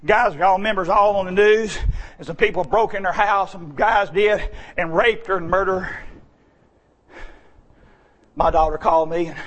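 A middle-aged preacher man with a drawl and a high voice delivers a revival sermon. He drops to quiet asides, then climbs into shouted exclamations. At times he pulls away from the mic. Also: normal speed, pauses often, rough recording.

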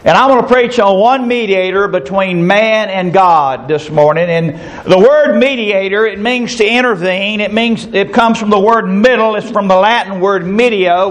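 A man's voice: high-pitched, poor audio. A man preaching a sermon in a folksy storytelling way, acting out the people in his anecdotes. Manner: folksy, storytelling, acts out characters in stories.

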